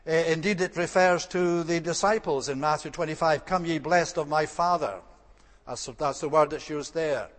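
Man preaching in a reverberant hall. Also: on the high side. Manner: measured, explanatory preaching with frequent "uh" pauses. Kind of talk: sermon.

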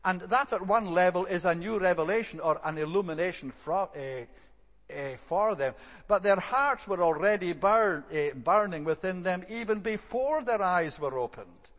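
A man giving an evening sermon. He speaks in a measured, thoughtful way, often pausing on "eh" and "uh.". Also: high voice, expressive, fairly bright tone, long reverb tail. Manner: measured, thoughtful delivery with frequent "eh" and "uh" restarts. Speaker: preacher.

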